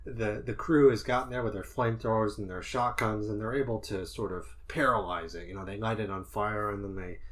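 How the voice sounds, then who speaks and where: A man's voice: on the low side, fairly even intonation, a little fast, hardly any pauses, fairly bright tone. A man co-hosting a podcast, thinking aloud as he analyzes horror films in a casual discussion. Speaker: podcast co-host.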